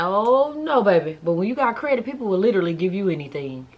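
A woman's voice: fairly low pitch, big pitch swings, fast talker, highs cut off, a little hiss or hum. A woman chatting casually to her viewers in a vlog, talking straight to camera. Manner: subdued and emotional. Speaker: vlogger.

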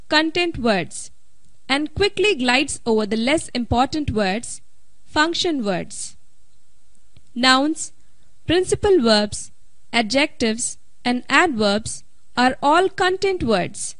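A woman narrating an English lesson in a slow, deliberate, scripted way. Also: sits high, fairly bright tone, no room sound.

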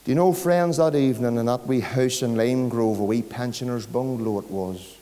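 A Northern Irish preacher tells a story during an evangelistic sermon, rising at times to forceful high points. He speaks at normal speed in a dark-toned, medium-pitched voice, with church hall reverb from the large room.

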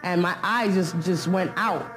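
A woman's voice: on the low side, measured pace, soft background music. A young adult woman in a candid documentary interview, recounting events in loose street slang.

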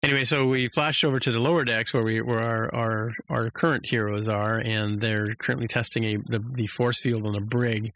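A man co-hosting a podcast, recapping an episode in casual chat with many restarts and jumping to a higher voice to act out lines. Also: little pitch movement, a little fast, hardly any pauses, a bit bright.

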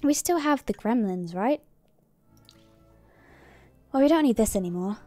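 A woman streamer with a slightly high, dark-toned, expressive voice keeps a measured pace through her casual gameplay commentary. She chats, mutters to herself, and swears mildly, heard in a dry recording with faint music behind.

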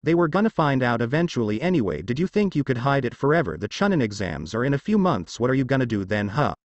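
A man voicing a blunt, brash young half-werewolf ninja boy, with a lively delivery. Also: medium pitch, fast talker, no echo, lo-fi sound, natural voice. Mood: exasperated. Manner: blunt, exasperated.

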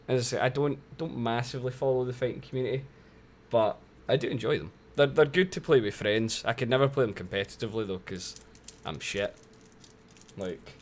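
A man's voice: on the low side, a bit bright. A young man chatting casually on a live game stream, laughing often and swearing freely.

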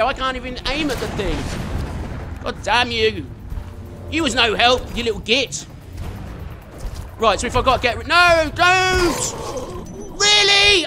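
Man, very high voice, excitable let's play commentary, game music behind. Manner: excitable, chatty, swears mildly, talks to the game character. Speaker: gamer.

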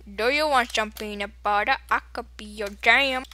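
A woman's voice: fairly high pitch, normal speed, pushed and bright. A woman giving playful, silly commentary while playing a video game. She cracks jokes at the other players and bursts into dramatic screams and exclamations. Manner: jokey asides to other players. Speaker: gaming YouTuber.

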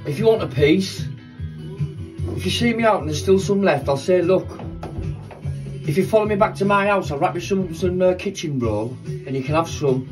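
A man's voice: high voice, animated, moderate pace. A man, chatting casually and telling rambling jokey stories while baking in his kitchen. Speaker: vlogger. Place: home kitchen. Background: rock music playing from a smart speaker.

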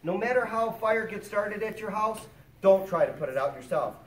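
A man's voice: sits high, animated, moderate pace, a bit bright. A patient mom laying down rules, as a man puts her on. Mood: instructive. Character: patient, loving mother giving safety rules. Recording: roomy, distant, with children and noise.

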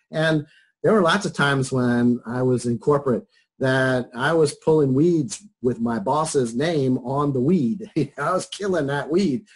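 A man's voice: mid-range voice, takes it slowly, breathy edge. A middle-aged man teaching psychology over a video call, talking casually, joking and chuckling through personal examples. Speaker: psychology instructor. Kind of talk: casual online lecture.

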